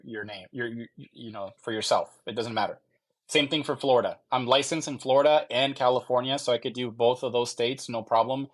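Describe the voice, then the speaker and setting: Man repeating himself as he checks answers. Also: mid-range voice. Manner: halting, repeats phrases while checking answers. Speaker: mortgage loan officer. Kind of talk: live Q&A stream, reading viewer questions.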